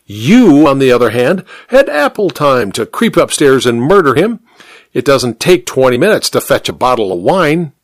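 A man's voice: medium pitch, very animated, normal speed, dry recording, natural voice. A man doing an indignant, dismissive vicar. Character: impatient, defensive man, a vicar.

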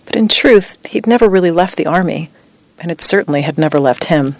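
A woman reading a true story as scripted narration, with a measured, even delivery. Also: on the low side.

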